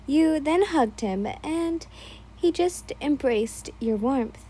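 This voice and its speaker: A woman reading a second-person fan story aloud, tripping over names and breaking off for quick asides. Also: high-pitched, expressive, warm tone, rough recording. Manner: stumbles over names, laughs and adds asides. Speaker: fan fiction reader.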